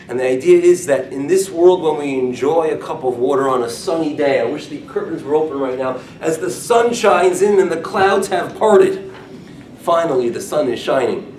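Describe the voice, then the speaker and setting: Storytelling rabbi in an echoey room. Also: male voice, fairly high pitch, normal speed, a little hiss or hum. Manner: storytelling, animated and humorous. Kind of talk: informal talk to a group. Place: room with curtains. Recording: echoey room, mic from far off.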